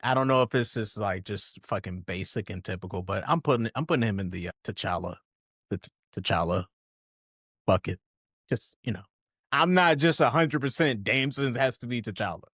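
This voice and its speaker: A man hosting a podcast in casual chat, animated and swearing for emphasis, with his voice jumping up when he gets excited. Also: fairly low pitch, moderate pace, husky, dry recording, studio quality. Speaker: podcast host.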